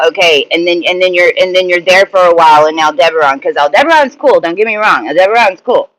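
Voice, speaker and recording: A man's voice: sits high, fast, hardly any pauses, a bit bright, poor audio. A man teaching spiritual ideas in an emphatic monologue, often repeating and restarting phrases.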